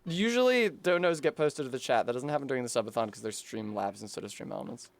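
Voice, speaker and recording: A man's voice: mid-range voice, expressive, fast talker, no echo. A man streaming a game, chatting casually with teasing, swearing banter.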